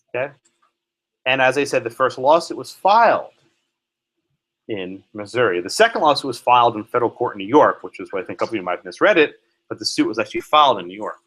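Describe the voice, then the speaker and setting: Man lecturing law students in a classroom, bright and pointed, keeps checking in with "okay?". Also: medium pitch, low-quality recording. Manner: questions students by name, frequent "right?" and "okay?". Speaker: law professor.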